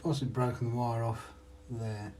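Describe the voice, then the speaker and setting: A man with a mid-range, dark voice and little pitch movement vlogs casually about his RC hobby at normal speed. He thinks aloud and mutters to himself while repairing, working out how the parts fit together, recorded on a distant mic with a faint hum.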